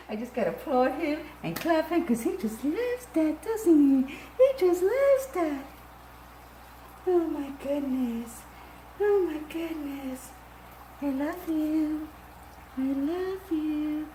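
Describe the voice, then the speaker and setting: A woman's voice: high-pitched, expressive, slow, warm tone, reverberant, a little hiss or hum, rough recording. A woman filming her pet fish, cooing to it in gushing, affectionate baby talk. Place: indoor room by a fish tank.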